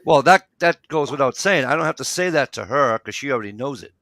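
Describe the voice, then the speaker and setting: A man's voice: medium pitch, expressive, a little fast, fairly bright tone, no room sound. A man co-hosting a casual talk show, rambling through a story and retelling both sides of the dialogue, swearing casually. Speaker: podcast co-host.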